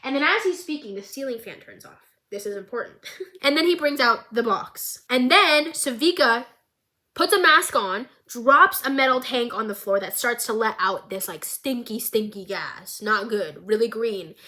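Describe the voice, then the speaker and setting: A woman's voice: on the high side, expressive, normal speed, pushed and bright. A woman vlogger giving a casual, chaotic show recap with jokey, rambling asides.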